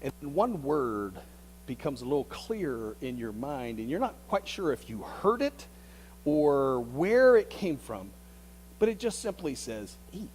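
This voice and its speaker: A male pastor preaching a sermon as a vivid story, often repeating words and dropping into hushed tones. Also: mid-range voice, sing-song, unhurried, a little hiss or hum, poor audio.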